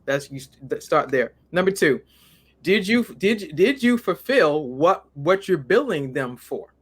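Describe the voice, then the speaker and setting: A woman's voice: deep voice, sing-song, a little slow, breathy edge. A woman guest walks through her advice in an interview, counting off rules one by one. Her delivery is practical and methodical, with casual restarts as she goes. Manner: methodical, lists steps by number. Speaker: guest author. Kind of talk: interview explanation.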